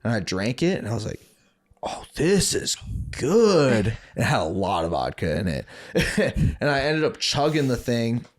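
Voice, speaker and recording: A man's voice: mid-range voice, normal speed. A man on a podcast, telling a story from his past in a loose, rambling way and acting out the people he quotes. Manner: animated, acts out quoted people in raised voices, laughs often; loose, rambling phrasing with many fillers and restarts. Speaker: podcast guest, former fighter. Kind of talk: casual storytelling.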